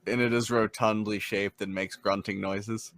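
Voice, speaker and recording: Man, tabletop player, playful deadpan banter, bright forceful voice, dry sound. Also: lowish voice, measured pace, gravelly, no room sound.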